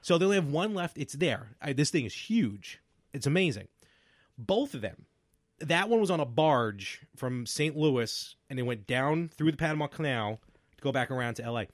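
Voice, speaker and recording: A man co-hosting a podcast in casual chat, telling stories with lively energy and frequent laughs. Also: mid-range voice, moderate pace, no echo, studio quality. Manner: animated storyteller, laughs often. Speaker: podcast co-host.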